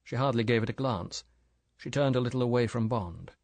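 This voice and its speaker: Male audiobook narrator, measured delivery, mid pitch, dry close sound. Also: vocal fry, a little mellow, no echo. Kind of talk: scripted narration.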